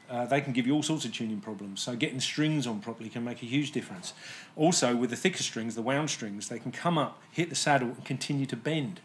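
A man's voice: medium pitch, a little hiss or hum. Methodical male guitar tech explaining. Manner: plain, methodical, with many um and uh fillers. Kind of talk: technical explanation.

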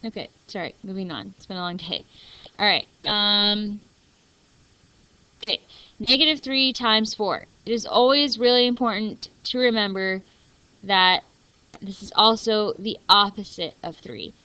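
Bright, chatty woman teaching math. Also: medium pitch, a little slow, smooth, no echo, dull audio. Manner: chatty, self-deprecating asides. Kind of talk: screencast math lesson.

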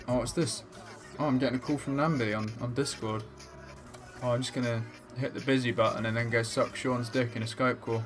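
A man's voice: mid-range voice, steady tone, a little fast, soft background music. A young man swearing and bantering while doing comic impressions of his gaming friends over gameplay. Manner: profane, rowdy banter.

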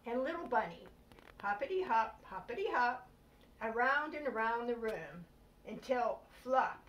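An older grandmother reads a bedtime story aloud, her lively voice rising and falling as she stops to explain the pictures. She sounds far from the mic in an echoey room, with clear household noise behind. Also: on the high side, measured pace. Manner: gentle, explaining and prompting the child. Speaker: grandmother reading bedtime stories. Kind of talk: reading a storybook aloud to a child. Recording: distant, echoey, noisy home recording.

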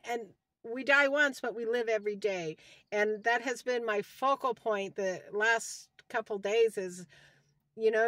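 A devout woman in her sixties talks into her phone in a heartfelt, rambling way, circling back to the same words and praising God between thoughts. Her voice sits a little high for a woman. The sound is close and dry, with no room around it. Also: lively intonation, moderate pace, bright, forceful tone, no room sound. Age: 60s. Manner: heartfelt and rambling, often repeating herself. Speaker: vlogger giving a personal health update. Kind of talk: casual talk to camera.

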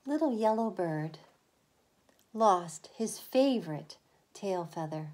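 A woman preschool teacher reading a picture book aloud to young children, slow and expressive, with lifts in pitch on some lines.

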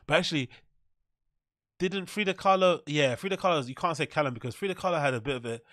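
A man's voice: fairly high pitch, fast, fairly bright tone, no room sound, studio quality. A man hosting a reaction video, laughing often and gleefully repeating mispronounced names. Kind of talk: reaction commentary.

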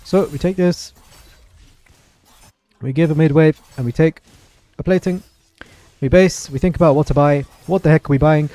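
A young man commentates his own match live for his stream, chatty and excitable. His voice sits a little high, with a mellow, soft tone. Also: moderate pace, pauses often, dry recording. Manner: excitable, chatty, apologetic asides to chat.

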